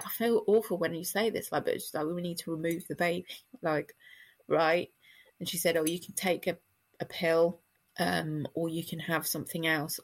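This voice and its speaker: Chatty woman in her thirties, low-set voice, casual storytelling. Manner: chatty, lots of "like" and "blah, blah". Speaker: guest telling a personal story.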